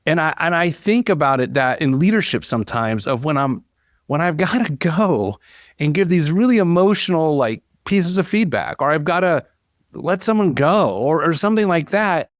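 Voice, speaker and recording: A man, a company founder, chatting as a podcast guest in an animated, upbeat storytelling way. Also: fairly high pitch, moderate pace, dry recording, clean studio sound. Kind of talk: casual interview conversation.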